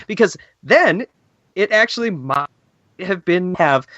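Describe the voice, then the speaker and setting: A man's voice: sits high, lively intonation, takes it slowly, pushed and bright, no room sound, lo-fi sound. Emphatic, laughing podcast co-host man. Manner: laughs often, emphatic, swears when worked up. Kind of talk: casual podcast chat.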